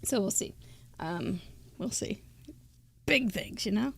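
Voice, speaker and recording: A chatty, giggly older woman hosts a live crafting show, thinking aloud as she goes. Her voice sits a little high. Soft music plays faintly underneath. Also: very animated, measured pace, long pauses, slightly rough. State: out of breath.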